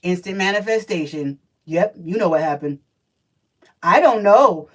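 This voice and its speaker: A woman telling a personal story on a livestream, animated and profane, talking straight to her viewers. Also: lowish voice, unhurried, recorded from a distance, rough recording.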